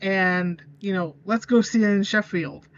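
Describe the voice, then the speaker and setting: A woman's voice: medium pitch, a little slow, highs cut off. A woman chatting as a podcast guest, hesitant, with many fillers and small giggles. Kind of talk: casual chat.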